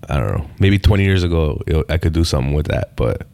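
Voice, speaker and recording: Casting: male comedian guest, very low voice, laid-back and profane, casual podcast chat. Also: expressive, quick pace, a little mellow, smooth. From Canada. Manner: laid-back, swears freely, repeats phrases.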